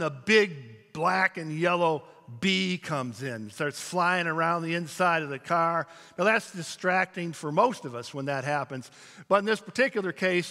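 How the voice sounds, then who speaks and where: In a church sanctuary with long hall reverb, a pastor preaches to his congregation, telling stories and calling out to the room. His voice is on the high side with a sharp tone.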